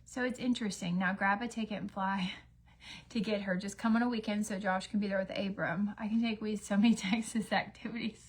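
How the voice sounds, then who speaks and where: A woman's voice: mid-range voice, steady tone, a little fast, husky. A woman in her thirties chatting casually at home while getting ready, rambling with fillers and acting out bits of dialogue. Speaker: beauty vlogger. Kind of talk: casual get-ready-with-me chat.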